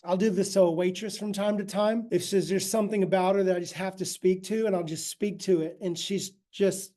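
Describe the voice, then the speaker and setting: A man's voice: sits high, fairly even intonation, fairly quick, warm tone. A man giving a casual, conversational ministry talk, often checking in with his listeners. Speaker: ministry teacher.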